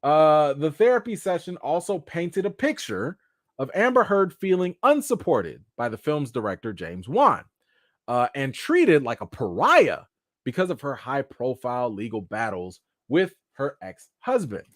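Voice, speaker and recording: Lively, animated man hosting live chat. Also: a little high, a little slow, no echo, clean studio sound. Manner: animated, slangy, acts out quotes. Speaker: host.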